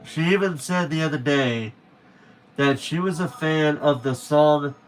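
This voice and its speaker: A man's voice: on the high side, measured pace, slight background noise. A young man chatting casually to viewers on a late-night stream, rambling and correcting himself as he goes.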